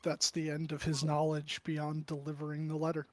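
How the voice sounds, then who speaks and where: A man running a tabletop game as game master, narrating with many pauses and throat-clearing. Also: fairly high pitch, monotone, darkish tone, dry recording. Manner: halting, full of ums and throat-clearing.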